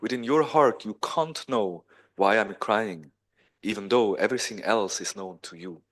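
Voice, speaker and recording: A man's voice: fairly low pitch, normal speed, a bit bright. A man voicing a tearful, devoted queen who pleads earnestly with her lord. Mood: earnest pleading.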